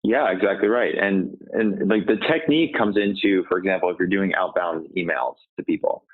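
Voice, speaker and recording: A man talking sales on a tinny, phone-like line. He has a low, husky voice and keeps firing off rhetorical questions, then answering them himself in a coaching tone. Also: moderate pace. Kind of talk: podcast interview answers.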